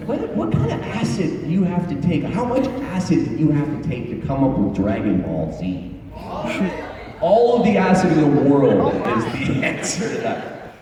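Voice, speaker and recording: A man's voice: fairly high pitch, huge pitch swings, moderate pace, mellow. A man on a convention panel, telling profane, laughing anecdotes during an audience Q&A. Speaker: voice actor panelist. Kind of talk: convention Q&A storytelling. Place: large convention hall with an audience. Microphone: distant microphone. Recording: echoey hall, distant mic, crowd.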